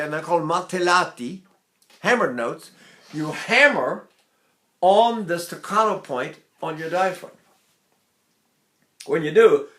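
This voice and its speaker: A man's voice: on the high side, fairly bright tone. Older male voice teacher, chatty. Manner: chatty, loose explanations with sung demonstrations. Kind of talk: vocal technique lesson.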